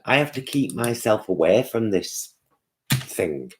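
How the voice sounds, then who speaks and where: A man's voice: fairly low pitch, big pitch swings, takes it slowly, slight background noise. A man hosting a casual live-stream chat, chatty and answering viewers' comments by name.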